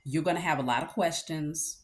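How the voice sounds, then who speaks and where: Talking through a tarot reading, this tarot reader has a low voice and an easygoing, chatty manner. She keeps stopping to check in with whoever's listening, and her pauses fill up with fillers and offhand remarks.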